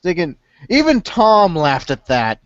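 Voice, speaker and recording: A man's voice: high-pitched, very animated, a little slow, dry recording, highs cut off. A young man hosting a casual podcast over a call, rambling and peppering his talk with a pet filler word. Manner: rambling, fills speech with "stinking". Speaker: podcast host. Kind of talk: casual chat.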